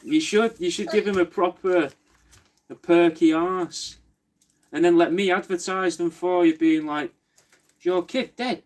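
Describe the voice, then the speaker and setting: A man's voice: high voice, fairly even intonation, a little slow. A young man hosting a casual craft stream, joking and swearing freely in laid-back banter. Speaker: podcast host livestreaming crafts. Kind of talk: casual chat.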